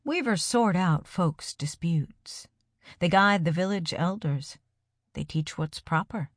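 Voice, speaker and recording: A woman narrating a first-person story aloud in a calm, measured way. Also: on the low side, no echo, clean studio sound. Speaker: audiobook narrator.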